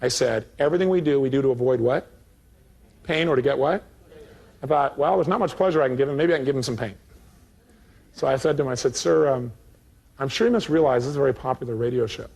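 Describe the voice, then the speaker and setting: A man giving a live motivational seminar, telling a story and acting out both sides of the dialogue with animated energy. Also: medium pitch, quick pace, creaky, long pauses.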